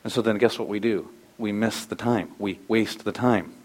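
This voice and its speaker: A man's voice: on the low side, normal speed. Storytelling male pastor preaching. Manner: storytelling, animated, acts out quoted voices. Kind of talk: sermon.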